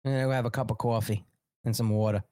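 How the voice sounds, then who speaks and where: A man's voice: lowish voice, steady tone, rapid-fire, darkish tone, no room sound, studio quality. A man with a Long Island New York accent hosting a live political commentary show, talking bluntly and heatedly in a rambling way, with many restarts.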